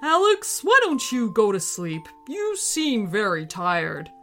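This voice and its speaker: A woman voicing a gentle, caring father talking softly to his son in a children's audio story. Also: medium pitch, huge pitch swings, slow pace, soft background music, exaggerated voice. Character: gentle, caring dad of a young boy.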